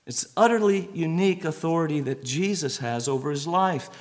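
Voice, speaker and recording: A man preaching a sermon, reading scripture slowly and swinging between a hushed voice and raised, emphatic lines. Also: on the high side. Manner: reads scripture aloud with slow emphasis.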